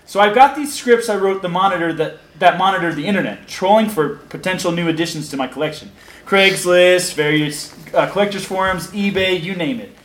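A man's voice: sits high, a little fast, fairly bright tone, reverberant. A young man narrating his own story in a comic audio drama, sardonic and crude, often chuckling. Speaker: narrator and lead actor.

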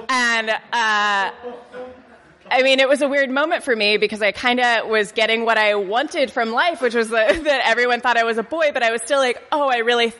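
A woman's voice: on the high side, unhurried, long pauses, fairly bright tone. A woman telling a personal anecdote in a self-deprecating way, tripping over her words and laughing as she goes. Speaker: storyteller. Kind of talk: personal anecdote told to an audience. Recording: long reverb of a hall.

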